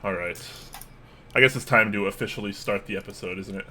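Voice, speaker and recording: Man, co-host, casual livestream chat, chatty, laughs easily, bright voice, faint hum behind. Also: fairly low pitch, a little fast.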